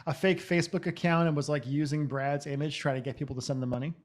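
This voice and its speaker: Joking higher-voiced male podcast host. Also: steady tone, darkish tone. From Lebanese and Italian heritage. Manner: quick, joking, swears casually. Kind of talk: casual chat.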